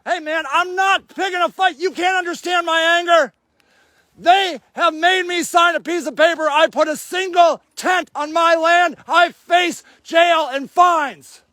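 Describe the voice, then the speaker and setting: Brief: high-voiced angry man, dry close phone mic, yelling accusations at officials. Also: fairly even intonation, measured pace, no echo. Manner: shouting, furious, accusatory. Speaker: homeless advocate livestreaming. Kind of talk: angry confrontational livestream. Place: outdoor homeless camp in snow.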